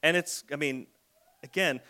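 A man preaching a sermon in a relaxed, conversational way, now and then acting out the people he quotes. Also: fairly high pitch, normal speed. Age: adult with a son. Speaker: pastor.

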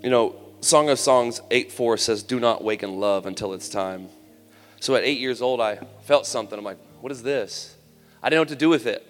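Heard with long hall reverb and faint music behind him, a man speaks briskly in a mid-range voice. At a youth camp, he shares his personal testimony as a sermon, frank, chatty and funny.

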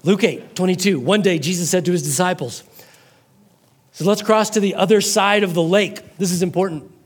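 A male pastor preaching in a loose, conversational sermon, often stopping to check the congregation is following. His voice sits notably high for a man, and he restarts words as he thinks aloud. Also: moderate pace. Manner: repeats words while thinking.

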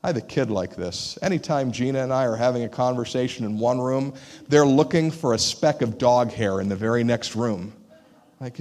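A man preaching a sermon as pastor, in an animated, conversational way. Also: medium pitch, normal speed. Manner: animated, conversational, acts out quoted voices.

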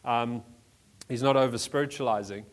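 A man's voice: medium pitch, normal speed. A man from South Africa preaching a sermon as a pastor in a church, in a conversational way with frequent restarts. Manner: conversational, restarts often, many fillers.

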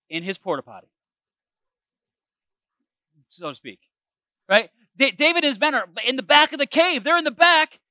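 A man preaching, retelling a Bible story in an animated way with joking asides to the listeners. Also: very high-pitched, no echo. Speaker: pastor.

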